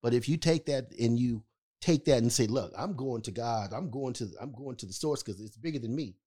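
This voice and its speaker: A man in easy podcast conversation, talking in a middle register with emphatic, animated storytelling. He drives his points home with a repeated "okay?" and lingers on key words. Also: medium pitch, fairly quick. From California. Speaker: podcast co-host. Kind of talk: casual storytelling chat.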